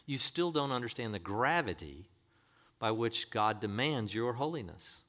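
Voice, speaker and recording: A man's voice: medium pitch, animated, unhurried, sharp tone. A man preaching a sermon, emphatic and direct, firing rhetorical questions at the congregation.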